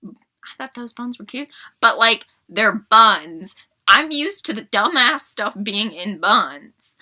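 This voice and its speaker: Young female podcast host, bright and sharp, sarcastic and fed-up casual rant, slightly sick. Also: a little high, takes it slowly. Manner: exasperated, sarcastic, animated. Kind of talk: casual film review rant.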